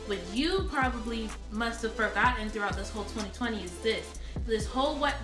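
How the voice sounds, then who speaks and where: A woman vlogger speaks bluntly and passionately straight to her viewers, her fairly high voice ringing in an echoey room. Music plays clearly underneath her. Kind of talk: impassioned direct-to-camera rant.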